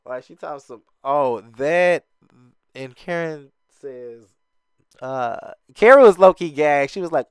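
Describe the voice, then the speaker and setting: A man's voice: a little slow, smooth, no room sound, clean studio sound. Chatty man recapping reality TV. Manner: chatty and animated, laughs often, acts out quoted lines in a higher voice. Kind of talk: casual recap commentary.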